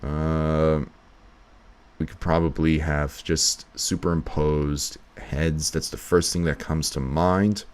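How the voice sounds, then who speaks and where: Editing a video live, a man thinks aloud and mutters casually to himself. His voice is extremely low, clear, and resonant, with a flat delivery and a slow pace.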